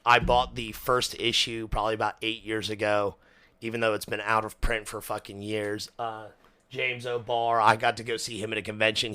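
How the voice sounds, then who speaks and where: A young man hosting a casual podcast chat, animated, with lots of fillers, restarts and swearing. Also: fairly low pitch, smooth, dry recording. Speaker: podcast host.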